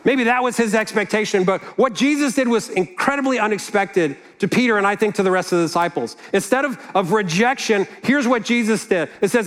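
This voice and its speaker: A man's voice: high-pitched, expressive, a little fast, hardly any pauses, fairly bright tone. Earnest, conversational male preacher. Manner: conversational, earnest, with asides and restarts. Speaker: pastor. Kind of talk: sermon.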